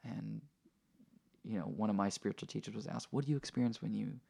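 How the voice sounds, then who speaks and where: Podcast host guy, real gravelly fry in his voice, kinda husky, earnest storytelling. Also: fairly low pitch, quick pace, warm tone. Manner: earnest, reflective. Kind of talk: conversational storytelling.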